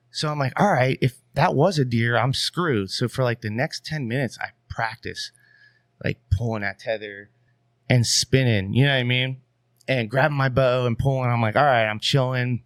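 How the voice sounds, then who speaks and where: Animated man telling a story on a dry mic. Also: mid-range voice, no room sound. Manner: animated, swears freely, leans on "you know what I mean". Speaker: podcast guest. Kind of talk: casual storytelling.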